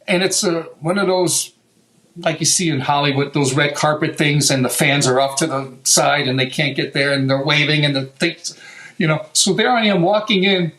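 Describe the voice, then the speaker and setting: Man telling stories with animated laughter. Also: on the high side, low-quality recording. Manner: animated anecdotal telling, acts out quoted voices, laughs often. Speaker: guitar maker, guest. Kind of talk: storytelling interview.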